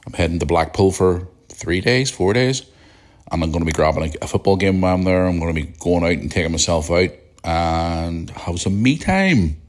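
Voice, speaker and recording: A middle-aged man with a Northern Irish accent and a very low, croaky morning voice talks straight into a podcast mic. He rambles along in a blunt, chatty way, as if telling listeners about his week. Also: brisk. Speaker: podcast host. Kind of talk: casual solo podcast chat.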